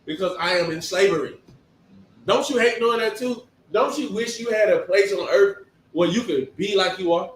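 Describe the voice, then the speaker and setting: A man giving a conversational sermon, talking in an animated, emphatic way and firing off rhetorical questions. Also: sits high, moderate pace, slight background noise. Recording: echoey room, distant mic.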